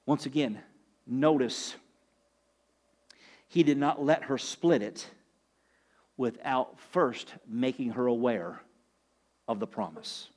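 A man pastor preaching a sermon, swinging between loud and soft, asking the congregation questions. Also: slow, long pauses. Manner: preaching with sweeping swings in pitch and loudness.

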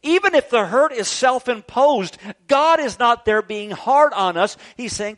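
High-voiced earnest male pastor preaching. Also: lively intonation, measured pace, hardly any pauses. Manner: earnest, swings from loud urging to soft tender tones. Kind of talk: sermon. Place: church grounds.

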